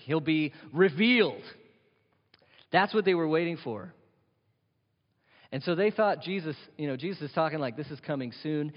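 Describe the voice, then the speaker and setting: Earnest male pastor in a reverberant hall. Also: a little high. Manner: earnest, conversational preaching with rising emphasis. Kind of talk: sermon. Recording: dull sound with long hall reverb.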